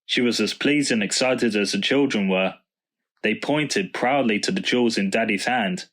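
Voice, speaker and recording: A man narrating a children's storybook in a calm, even way. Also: lowish voice, normal speed. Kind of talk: storybook reading.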